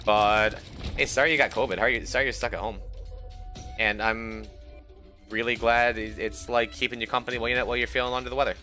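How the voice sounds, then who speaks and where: A sleep-deprived man streaming and chatting casually with his viewers, rambling and repeating words. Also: on the low side. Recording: music playing behind the voice. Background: game music.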